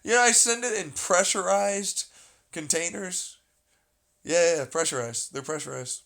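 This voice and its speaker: A man's voice: high voice, measured pace, gravelly, fairly bright tone. A man in casual, rambling chat, sarcastic and full of swearing.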